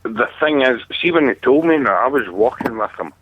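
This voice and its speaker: A man's voice: medium pitch, lively intonation, fairly quick, slightly rough, no room sound. A Scottish man hosting a talk radio show, telling a long family story in a rambling, earnest way with many restarts. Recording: tinny phone-like radio audio.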